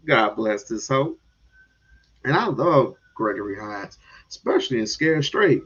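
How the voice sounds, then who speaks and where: Sarcastic, animated male sports ranter. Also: a little high, slow pace, pauses often, husky. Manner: animated, sarcastic, mocking asides. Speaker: podcast host. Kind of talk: opinionated sports commentary rant. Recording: dull lo-fi stream audio.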